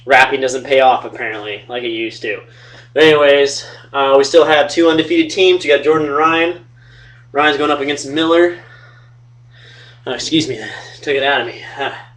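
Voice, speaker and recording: A young man, steady and fairly bright in tone with a medium pitch and moderate pace, chats loosely into a webcam at home about the fantasy football league he runs. He jokes, swears and tells stories, and the webcam mic catches him from a distance.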